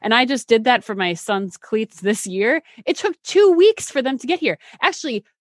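A woman's voice: on the high side, sing-song, moderate pace, no room sound. A woman in her thirties gives her take on retail news with eager, emphatic enthusiasm. Her voice is dry and close, with no room sound. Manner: enthusiastic, emphatic, repeats words for stress. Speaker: co-host of a retail news show. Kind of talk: casual news discussion.

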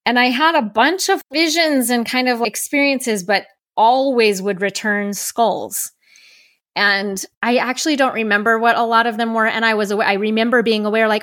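A woman's voice: fairly high pitch, normal speed, fairly bright tone, dry recording, clean studio sound. A woman podcast host, recounting a personal experience in a reflective, storytelling way and voicing her own thoughts as quotes.

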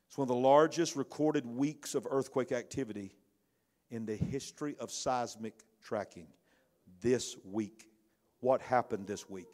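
A middle-aged pastor, preaching in a conversational style that swings between loud bursts and hushed asides. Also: male voice, mid-range voice, moderate pace. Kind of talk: sermon.

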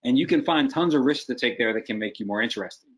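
A man's voice: medium pitch, animated, fast. A man working as a casting director, giving direct, emphatic advice in a video-call interview.

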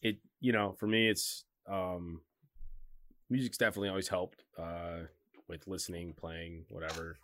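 A young man on a casual podcast who talks haltingly, with many fillers. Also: deep voice, steady tone, fairly bright tone, slight background noise. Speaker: podcast co-host. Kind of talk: casual chat.

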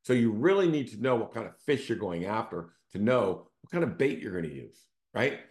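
A man with a somewhat low voice hosts his own show. He talks in a relaxed storytelling way and keeps checking in with his listeners. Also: brisk. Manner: conversational, often checks in with "right?". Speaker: real estate team CEO hosting a show. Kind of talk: casual storytelling monologue.

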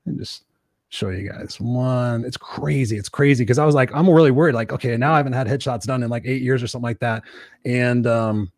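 Man, fast pace, joking co-host, reads viewer comments, dry close mic. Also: medium pitch, a little mellow, no echo. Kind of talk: casual livestream chat.

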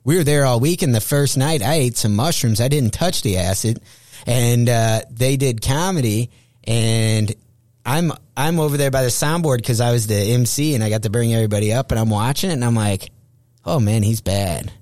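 A man's voice: mid-range voice, moderate pace, dry recording. A middle-aged man, a stand-up comedian, telling stories in a casual podcast chat, swearing often and acting out what people said. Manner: profane, animated storyteller acting out quotes.

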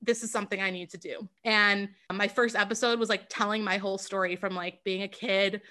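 A woman's voice: medium pitch, fairly even intonation, brisk, bright, forceful tone. A young woman, a podcast guest, talking openly and earnestly in a candid interview, with lots of "like". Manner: earnest and open, fills with "like".

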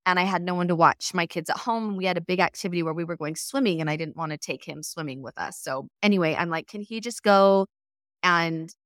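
A woman telling a story casually in a conversation, lively and laughing as she acts out the quoted texts. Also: fairly low pitch, quick pace, few pauses, dry recording, clean studio sound.

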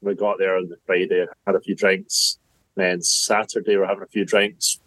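Low-voiced young man telling a story. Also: normal speed, no echo, low-quality recording. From Scotland. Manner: relaxed, chuckling, teasing. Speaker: groom-to-be guest. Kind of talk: casual storytelling chat.

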